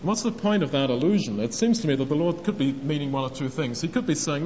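A man's voice: a little high, expressive, fast talker, few pauses, a little mellow. Earnest male preacher in a reverberant hall. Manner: earnest, acts out quoted speech. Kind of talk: sermon on a parable. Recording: long hall reverb, dull lo-fi sound, faint noise.

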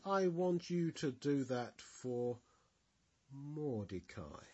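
A man voicing a king who speaks in a slow, stately way. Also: medium pitch, big pitch swings, a little mellow, dull audio, exaggerated voice. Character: grand male king, generous then angry.

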